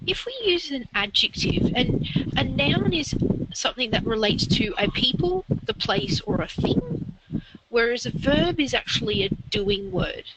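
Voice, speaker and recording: A woman's voice: high-pitched, big pitch swings, unhurried, heavy background noise. A woman tutoring a learner in literacy, explaining grammar step by step and encouraging them. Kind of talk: one-on-one literacy lesson.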